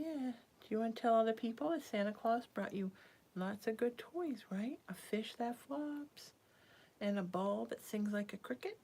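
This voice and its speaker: A woman's voice: on the high side, lively intonation, moderate pace, darkish tone, slight background noise. A woman hosting live psychic readings who chats casually and coos baby talk to her cat, sometimes dropping to a whisper. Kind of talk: casual live-stream chat.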